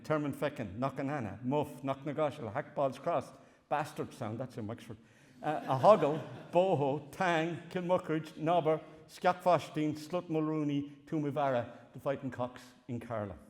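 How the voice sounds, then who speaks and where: An older Irish man giving a wry, animated farewell lecture with slides in a large hall. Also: on the high side, a little slow. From Ireland. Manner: wry, animated storytelling with chuckles. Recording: long hall reverb.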